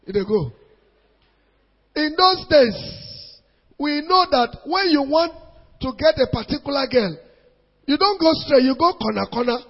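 Nigerian man, middle-aged, husky high-voiced preacher, dull lo-fi hall recording. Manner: animated storytelling in Nigerian Pidgin mixed with English, acting out voices. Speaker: pastor. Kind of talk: preaching sermon to a congregation.

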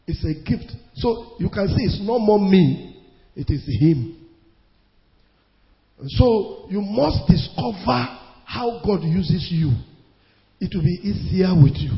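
A man preaching a sermon as pastor, emphatic, repeating his phrases and breaking into sudden shouts, heard in a church hall. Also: sits high, lively intonation, slow pace, gravelly, pauses often. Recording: dull sound with long hall reverb.

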